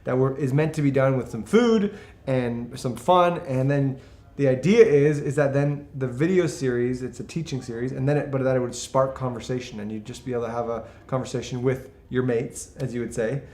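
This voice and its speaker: Guy, young, keen and earnest, kinda rambly, middle pitch, echoey room. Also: a little fast, a little mellow. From Canada. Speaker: interview guest, youth ministry video host. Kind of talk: casual interview chat. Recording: roomy echo.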